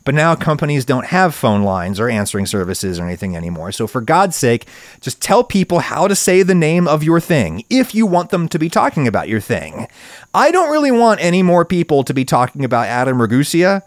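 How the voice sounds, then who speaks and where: A man's voice: very animated, fairly quick, dry recording, clean studio sound. A man hosting a solo video essay, giving opinionated commentary in a wry, emphatic way and leaning hard on stressed words. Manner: wry, emphatic, wide swings in pitch for stress.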